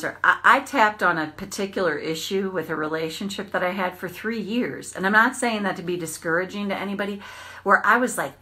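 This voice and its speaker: A woman tapping coach giving an earnest, reflective self-help talk on a livestream, repeating phrases and slowing down for emphasis. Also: mid-range voice, bright, forceful tone.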